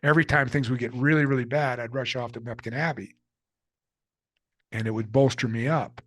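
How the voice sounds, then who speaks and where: A man's voice: mid-range voice, steady tone, fairly quick, a bit bright. An older man, an author being interviewed, telling personal stories in an earnest, candid way and acting out the people he quotes. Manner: earnest, candid storyteller who acts out quotes. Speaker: author and guest. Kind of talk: reflective storytelling interview.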